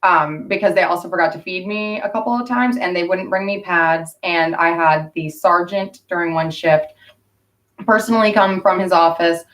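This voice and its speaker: A woman's voice: lowish voice, moderate pace, a bit bright, recorded from a distance. A woman vlogging in a rambling, indignant and emotional way. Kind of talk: casual rambling vlog monologue.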